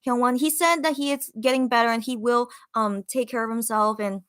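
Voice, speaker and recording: Bright-voiced excited woman fan host. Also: on the high side, fairly quick. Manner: excited, gushing fan talk with many fillers. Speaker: podcast host reading live chat comments. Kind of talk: casual livestream chat.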